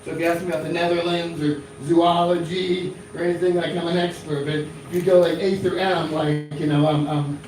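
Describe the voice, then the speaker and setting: A man's voice: on the high side, level tone, fairly quick, hardly any pauses, darkish tone. A man in his thirties from Florida doing a rambling stand-up comedy set in a small club, full of fillers and restarts. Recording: echoey club from a distant mic.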